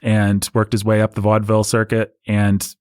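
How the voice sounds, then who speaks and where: A man's voice: lowish voice, completely flat delivery, normal speed, a little mellow, clean tone, dry recording, clean studio sound. A man co-hosting a casual film podcast, explaining at length with frequent restarts. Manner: talkative, explanatory, many restarts. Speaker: podcast co-host.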